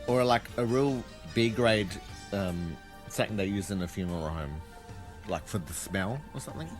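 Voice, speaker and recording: A man's voice: fairly low pitch, animated, music in the background. A man from Australia with an Adelaide accent, co-hosting a casual podcast chat and laughing often between quips. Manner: giggly, quick quips. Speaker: podcast co-host.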